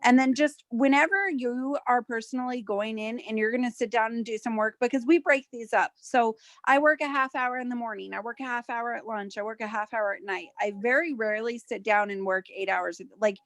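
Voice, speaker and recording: A woman chimes in on a team video call with practical, matter-of-fact advice about work routines. Her voice is slightly high and recorded dry, with little room sound around it. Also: fairly quick, few pauses, dry recording. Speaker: team member giving work tips.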